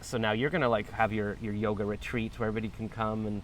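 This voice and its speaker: A man's voice: fairly low pitch, flat delivery, fast talker, a little hiss or hum. A middle-aged man hosting a podcast interview, talking in a playful, rambling way and riffing with jokes. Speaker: podcast host.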